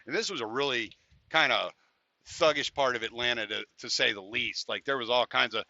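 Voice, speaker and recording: Bright-voiced man telling a rambling story. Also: mid-range voice, brisk, gravelly, no echo. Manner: profane, rambling, with restarts. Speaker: podcast host; truck driver. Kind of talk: casual storytelling. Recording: dull, dry, lo-fi podcast audio.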